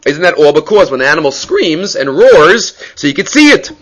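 Male Talmud teacher, slightly high voice, chants the text and then explains it in quick, animated English. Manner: mixes Aramaic quotes with lively English explanation. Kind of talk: Talmud study lesson.

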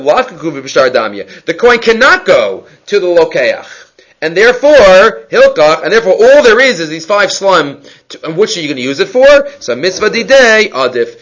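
Man, Talmud teacher, slightly high pitch, step-by-step explanation, rhetorical questions. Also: fairly bright tone. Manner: explains text step by step, mixing Hebrew-Aramaic terms into English; asks rhetorical questions, restarts phrases. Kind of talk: Talmud class lecture.

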